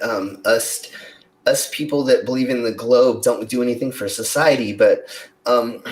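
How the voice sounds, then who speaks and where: A man co-hosting a casual podcast chat, rambling and filling pauses with ums and likes. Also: medium pitch, a little hiss or hum. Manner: rambling, many fillers and restarts. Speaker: podcast co-host. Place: Denver, United States.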